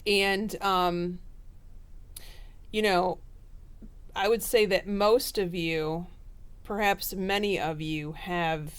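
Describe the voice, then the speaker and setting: A woman's voice: lowish voice, fairly even intonation, drawn-out words, pauses often, clean tone. A woman giving a casual tarot reading in a chatty, rambling way with fillers. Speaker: tarot reader.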